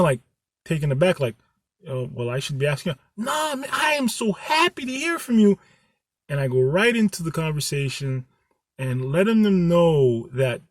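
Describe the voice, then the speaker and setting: A man's voice: on the high side, a little mellow, dry recording, clean studio sound. A man hosting his own channel, talking to his viewers earnestly and rambling, with many restarts. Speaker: channel host. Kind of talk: candid vlog talk to viewers.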